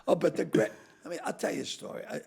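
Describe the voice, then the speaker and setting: Gravelly man telling wild stories. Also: fairly high pitch, fast. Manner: animated, swears freely, bursts into loud laughter. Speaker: podcast guest. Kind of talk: comedic storytelling.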